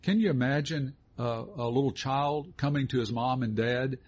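Folksy husky male Bible teacher. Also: medium pitch, normal speed, darkish tone. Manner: folksy, affirming, reads scripture aloud. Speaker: co-host of a Christian teaching show. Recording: dull lo-fi sound.

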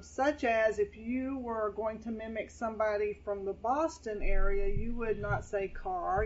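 A woman pastor, preaching a casual sermon in a chatty, animated way while seated at a table. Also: mid-range voice. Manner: chatty, animated, scripture quoting. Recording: dull lo-fi sound.

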